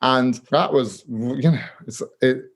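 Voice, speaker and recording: A man, a guest author, talks through his thoughts in an interview. He is earnest and halting, often restarting mid-sentence, at a middle pitch for a man. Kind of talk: reflective interview talk.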